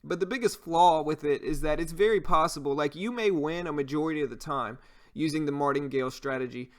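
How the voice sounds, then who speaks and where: Cajun man, fairly high voice. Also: a little fast. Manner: explains while answering chat, loose fillers. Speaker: trading streamer. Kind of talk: casual live-stream chat.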